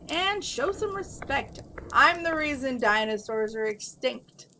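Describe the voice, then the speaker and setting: Girl reading her story and doing a sarcastic little creature, griping, kinda high and loud. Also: expressive, unhurried, a little hiss or hum, heavily acted. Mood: snarky. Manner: cheeky, griping, calls others Grouchy. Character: sarcastic tiny male magical creature.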